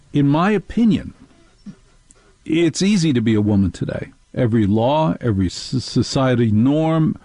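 A man's voice: medium pitch, warm tone, no room sound. A man hosting a radio talk show, delivering an opinionated, sarcastic, rambling monologue into a studio microphone.

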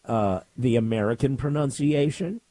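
A man's voice: medium pitch, moderate pace, warm tone, no echo. A middle-aged man hosting a radio talk show, chatting casually with strong, grumbling opinions. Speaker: radio host. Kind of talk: casual on-air chat.

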